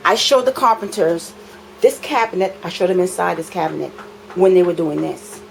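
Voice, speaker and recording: A woman's voice: on the low side, normal speed, creaky, a little hiss or hum, poor audio. A woman, filming an impassioned complaint in her apartment, talking indignantly and repeating phrases for emphasis.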